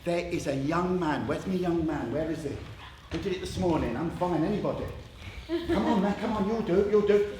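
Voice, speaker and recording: A man leading an interactive drama workshop, coaxing participants and narrating a story in a lively way. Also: high-pitched, fairly quick, a little hiss or hum. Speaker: workshop leader. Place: theatre stage with a group. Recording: echoey theatre with audience.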